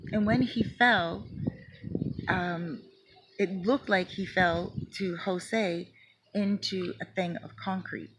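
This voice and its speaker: Woman storyteller, low voice, chatty casual delivery, acts out the quotes, for a true-story retelling. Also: steady tone, takes it slowly, background noise.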